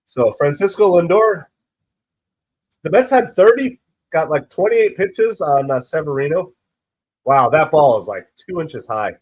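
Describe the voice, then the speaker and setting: A man with a cold, his voice husky and nasal, runs a relaxed live stream and talks a little slowly. In casual play-by-play chat he rambles across stats and plays, perking up with excitement over close pitches.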